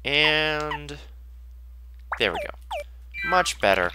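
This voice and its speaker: A man's voice: fairly high pitch, sing-song, extremely slow, very noisy. A man giving casual let's play commentary, rambling and joking at himself. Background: game music.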